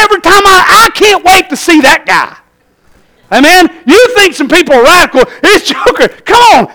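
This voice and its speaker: A middle-aged man preaching a sermon, telling lively stories and calling out "Amen?" to the congregation. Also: very high voice, rough recording. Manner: animated storytelling, calls out "Amen?" to the congregation. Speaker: pastor.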